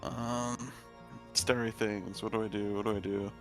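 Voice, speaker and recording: A man playing a tabletop game, excitable and swearing freely as he decides his turn. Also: fairly low pitch, a little slow, faint music behind. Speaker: player. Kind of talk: casual tabletop play.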